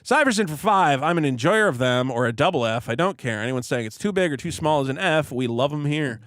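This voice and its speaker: A man's voice: on the high side, expressive, a little fast, fairly bright tone, no room sound, studio quality. A man who is sick, casually co-hosting a podcast, reading out donation messages with offhand mumbled asides.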